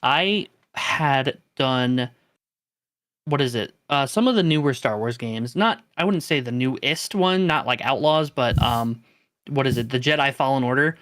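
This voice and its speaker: A man co-hosts a gaming podcast, chatting casually and enthusiastically with many fillers. His medium-pitched voice is a bit bright and a little slow, with no room sound.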